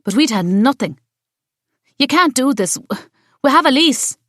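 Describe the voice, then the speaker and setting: A woman's voice: high-pitched, animated, a little slow, fairly bright tone, no echo, studio quality, pitched above the performer's own voice. A woman voicing a feisty, defiant young café owner who argues back indignantly, in an audiobook.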